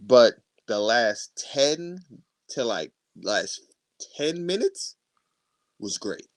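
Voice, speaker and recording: A man co-hosting a wrestling podcast in casual chat, animated and quick to swear and laugh. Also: mid-range voice, no room sound. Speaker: podcast co-host.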